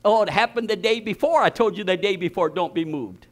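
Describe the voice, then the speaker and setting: A male pastor with a notably high-pitched voice delivers a sermon in a church. He tells stories with lively energy and often stumbles and restarts mid-phrase. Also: a little fast. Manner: storytelling, animated, repeats words and restarts.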